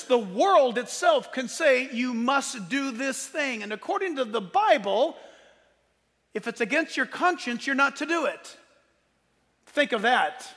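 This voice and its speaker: A man preaching in a very high, gravelly voice, bright and edgy in tone. He jokes, laughs and bursts into shouts as he teaches, and a long hall reverb trails every line. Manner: animated and joking, laughing often, shouting at times. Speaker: pastor. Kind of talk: sermon.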